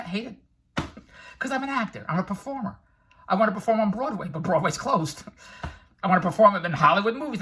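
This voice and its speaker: This older man, a vlogger and infomercial producer, speaks in a high, bright, forceful voice with a breathy edge. He delivers a brash, rambling motivational monologue packed with tangents and keeps laughing at his own jokes.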